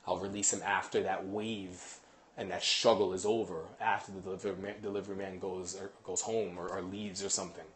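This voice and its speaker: Talking to a live crowd in a low voice, a man who trains dogs gives a fast, lively, informal explanation packed with analogies.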